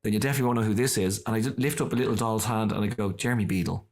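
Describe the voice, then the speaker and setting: Animated Irish comedian telling stories. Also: male voice, fairly low pitch, rapid-fire. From Ireland. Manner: acts out voices and quotes in his stories, laughs often. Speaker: guest comedian. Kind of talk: animated anecdotal storytelling.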